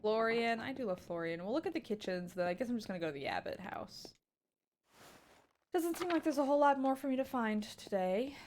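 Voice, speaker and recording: Bubbly, excitable woman streamer. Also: on the high side, a little hiss or hum. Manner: bubbly, exclamatory, playful. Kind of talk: casual game stream chat.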